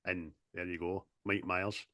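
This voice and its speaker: A man's voice: sits low, measured pace, no room sound, clean studio sound. Sweary man chatting films. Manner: sweary, animated, laughs often. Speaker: podcast co-host. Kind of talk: casual film chat. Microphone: video call.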